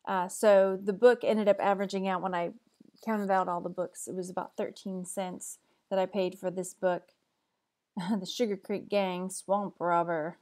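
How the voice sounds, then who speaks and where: A woman's voice: mid-range voice, flat delivery, a little slow, darkish tone. Chatty Texas woman going over resale sales. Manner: chatty, matter-of-fact, running through prices. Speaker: online reseller. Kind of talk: casual sales update vlog.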